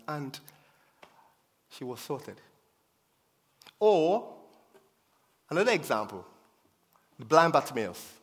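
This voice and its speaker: A man preaching a sermon with emphasis, repeating his key phrases for effect. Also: fairly high pitch. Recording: long reverb of a hall.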